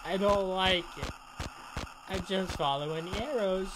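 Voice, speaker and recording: A young man talks through a horror game, jumpy and profane, shouting whenever something startles him. His voice sits on the higher side. The recording carries clear background noise. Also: unhurried. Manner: swears a lot, jumpy, shouts when startled. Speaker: gaming channel host.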